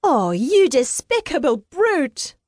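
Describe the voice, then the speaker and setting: A woman's voice: very animated, takes it slowly, darkish tone, no room sound, clean studio sound, full character voice. A woman narrator voicing a furious young woman, a swindler's wife, screaming in an audiobook. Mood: enraged. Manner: shrill, screaming. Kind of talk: audiobook character voice.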